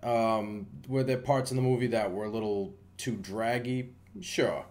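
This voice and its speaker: A man's voice: fairly low pitch, steady tone, a little slow, a little mellow. A man giving a casual, rambling movie review, with lots of fillers and restarts.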